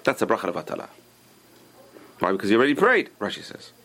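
A man's voice: lowish voice, very animated, quick pace, creaky, pushed and bright. A man teaching an informal Torah class, explaining Hebrew sources and giving emphatic warnings.

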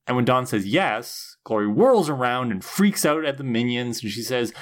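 A man co-hosting a podcast, retelling a TV episode in casual chat and acting out the characters' lines with lively shifts in voice. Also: medium pitch, moderate pace, hardly any pauses. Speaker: podcast co-host.

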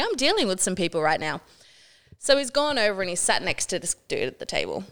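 A woman's voice: lowish voice, fast, a little hiss or hum. A young woman co-hosting a casual podcast, telling a work story with lots of swearing and acted-out quotes. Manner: animated storytelling, swears freely, acts out quotes. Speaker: podcast co-host.

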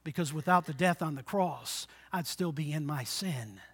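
A man in his sixties preaching a sermon, swinging between loud exhortation and quiet, low asides, and calling for amens from the congregation. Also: normal speed, breathy edge. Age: 60s. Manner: call-and-response with the congregation. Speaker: pastor.

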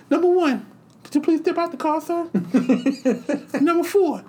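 A man voicing a high-pitched, crude, brash boxer impression in casual podcast banter. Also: expressive, slow pace, darkish tone, heavily acted. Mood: joking. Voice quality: very high, squeaky put-on voice.

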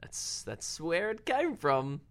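A man's voice: takes it slowly, vocal fry. A young Australian man, a filmmaker guest, telling a story in casual, self-deprecating chat. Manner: animated, self-deprecating, jumps pitch when quoting.

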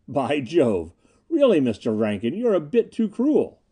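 A man voicing a fussy, flustered English gentleman lecturer in an audiobook. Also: fairly high pitch, wildly swooping pitch, unhurried, slightly rough, full character voice.

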